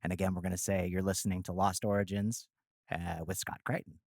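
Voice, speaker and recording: Low-voiced enthusiastic male co-host. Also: level tone, fairly quick, creaky, no echo, clean studio sound. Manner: enthusiastic, repeats words. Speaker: podcast co-host. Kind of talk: casual interview chat.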